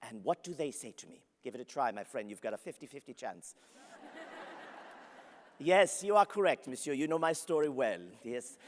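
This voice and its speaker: In a large convention hall, a historical interpreter with a mid-range, expressive voice takes on the role of a passionate, showy young French nobleman, recounting his tale grandly and laughing frequently. He speaks at a normal pace, his delivery only lightly acted, and background noise mixes with the hall's long reverb.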